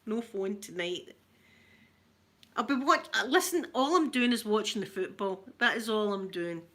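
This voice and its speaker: A middle-aged Scottish woman with a Scottish accent, chatting casually to her livestream viewers as host and telling stories with lively animation. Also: medium pitch, normal speed. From Scotland. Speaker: ASMR channel host.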